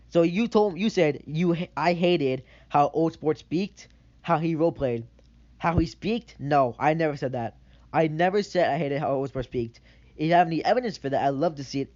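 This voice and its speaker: A man's voice: fairly high pitch, darkish tone. A young man rebutting accusations in a rambling, defensive monologue, repeating his points as he goes. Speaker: channel creator. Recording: dull lo-fi mic.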